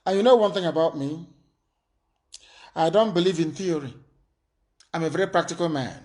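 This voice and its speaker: Man, fiery political broadcast, threatening, declamatory, slightly high voice. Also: darkish tone. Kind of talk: impassioned live political broadcast.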